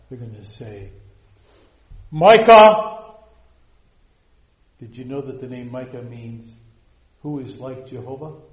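A man preaching a sermon, slow and emphatic, dropping to hushed lines and rising to loud, soaring quotations. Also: medium pitch, reverberant, highs cut off. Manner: slow, drawn-out emphatic delivery.

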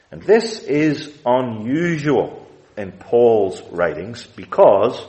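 A man preaching a sermon, expounding scripture with deliberate emphasis and quoting King James wording. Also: lowish voice, rough recording.

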